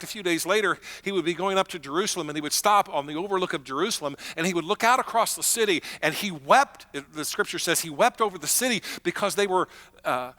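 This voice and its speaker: A man preaching a sermon as pastor, emphatic, swinging between loud declarations and hushed, slow moments. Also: high-pitched.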